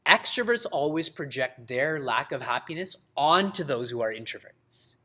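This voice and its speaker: A man teaching a scripture class, telling stories in a lively way, laughing often and using Sanskrit terms. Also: mid-range voice, moderate pace. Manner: lively storytelling with frequent laughs. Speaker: spiritual teacher.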